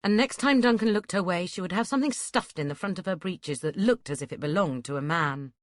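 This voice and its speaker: A woman narrating a historical romance audiobook in a steady, measured storytelling manner. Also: lowish voice, dry recording, studio quality. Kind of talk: scripted narration.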